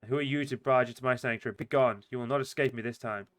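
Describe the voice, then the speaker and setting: A man reading out the lines of a scheming female demon cultist in a video game. He reads quickly and stumbles over words, in close to his own voice. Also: medium pitch, steady tone, fairly bright tone, natural voice. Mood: taunting. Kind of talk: reading game dialogue aloud.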